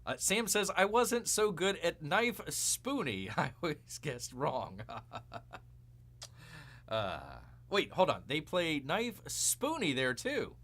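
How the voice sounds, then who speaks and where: Man, live show host, bright voice, lively swings in pitch, rambling mock outrage. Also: slow pace. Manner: refers to himself in third person as Bear, jokey, mock-outraged. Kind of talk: rambling casual commentary.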